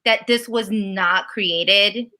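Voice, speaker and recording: A woman co-hosting a casual recap chat, ranting animatedly and mocking people with quick impressions. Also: medium pitch, sharp tone. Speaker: podcast co-host.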